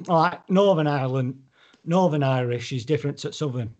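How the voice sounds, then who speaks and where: A man's voice: on the high side, moderate pace, darkish tone, muffled recording. A British man hosting a podcast in casual chat, swearing freely and breaking into playful accent impressions. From Britain. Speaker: podcast host.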